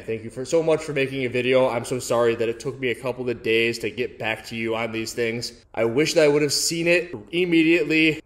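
A man's voice: mid-range voice, a bit bright. A man hosting his own vlog, talking bluntly and aggressively and swearing freely. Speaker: vlogger. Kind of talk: casual vlog rant.

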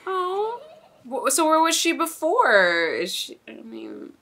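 A woman's voice: high voice, huge pitch swings, slow pace, gravelly, fairly bright tone. A young woman hosting a casual anime reaction, chatty and exclamatory, swearing and laughing as she talks.

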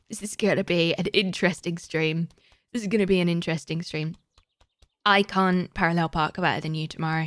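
A woman's voice: on the low side, fairly bright tone, no room sound, studio quality. A young woman giving chatty, giggly live commentary as she plays a game and thanks her viewers. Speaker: live streamer.

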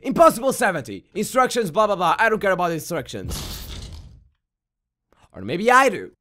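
Excitable high-voiced gamer man. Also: normal speed. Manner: loud, shouty, swears a lot, jokey. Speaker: gaming YouTuber. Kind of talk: excitable gameplay commentary.

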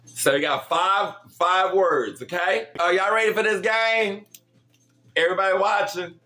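High-pitched sassy giggly man. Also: measured pace, sharp tone, roomy sound. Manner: giggly, laughs constantly; sassy, swears casually. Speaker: host. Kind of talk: playful party-game chat.

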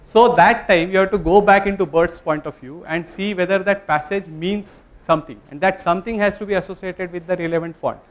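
A man's voice: high-pitched, a little fast, few pauses. A man giving a classroom lecture, talking in a conversational way, polling the students and correcting himself mid-sentence. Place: lecture room.

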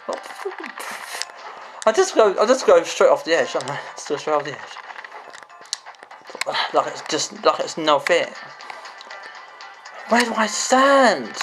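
A man's voice: fairly high pitch, sing-song, measured pace, long pauses, poor audio. A man giving frustrated gameplay commentary, swearing and exclaiming. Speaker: gamer. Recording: game music behind the voice.

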